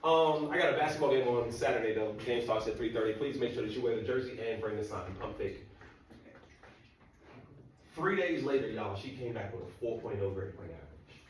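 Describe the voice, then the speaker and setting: A mid-range male voice, brisk in pace, delivers a comedic story that makes fun of himself while engaging the crowd directly. It's captured from a distance in an echoey hall, with slight background noise.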